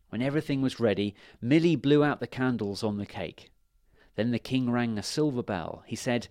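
A man reading fairy tales aloud to children in a lively, expressive way. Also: medium pitch, dry recording, studio quality. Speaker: storyteller.

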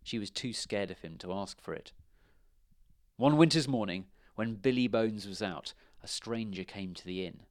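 A man reading a children's storybook aloud in a measured, expressive way. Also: on the low side, no echo, studio quality.

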